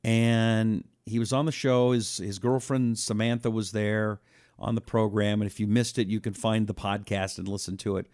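A man's voice: fairly low pitch, fairly even intonation, normal speed, darkish tone, dry recording, studio quality. A man hosting a live talk stream, chatting loosely with viewers, reading out their comments and making blunt asides. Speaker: host.

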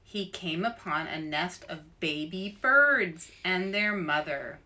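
A woman author reading her children's book aloud, expressive and asking young listeners questions. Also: lowish voice, slow pace. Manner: expressive, asks kids questions. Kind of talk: picture book read-aloud.

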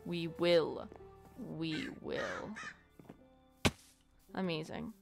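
Slow, lively, playful gamer woman. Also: fairly low pitch, faint music behind. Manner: playful and profane, chatting to game animals. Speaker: let's play gamer. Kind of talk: casual gameplay commentary.

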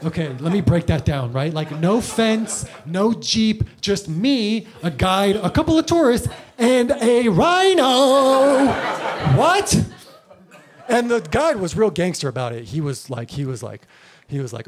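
Male stand-up, high voice, animated, slangy, stage mic. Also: measured pace. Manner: animated, slangy, lots of "like" and "bro". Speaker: stand-up comedian. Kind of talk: stand-up comedy. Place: live comedy club.

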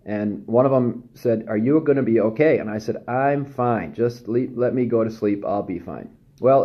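A man from Southern California tells his personal testimony in a halting, candid, self-deprecating way. His voice sits at an everyday middle pitch. The recording is slightly dull and lo-fi. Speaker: testimony speaker.

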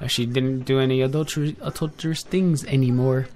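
A man's voice: mid-range voice, fairly even intonation, a little fast, a little mellow, soft background music. A young man with an ordinary mid-range voice hosts a loose online radio chat. He rambles, breaks off and corrects himself as he goes. He speaks to his listeners directly and informally. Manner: rambling, with frequent self-corrections and filler. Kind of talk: casual off-the-cuff talk show. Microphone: headphones with a desk mic.

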